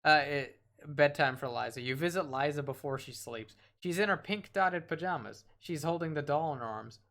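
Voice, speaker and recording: A man's voice: a little high, normal speed, fairly bright tone. A man streaming a horror game, reading its text aloud and dropping wry asides, sometimes tripping over his words.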